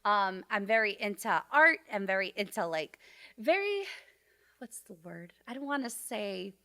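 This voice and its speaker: Young woman guest, crisp bright voice, casual filler-heavy talk. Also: mid-range voice, sing-song, a little slow. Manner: chatty, slangy, many fillers. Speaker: podcast guest, astrologer. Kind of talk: casual chat explaining astrology.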